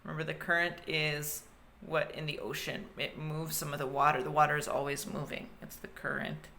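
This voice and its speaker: A woman's voice: low-pitched, level tone, brisk, creaky, bright, forceful tone, slight background noise. A young woman teacher reading a picture book aloud to children, stopping to explain new words.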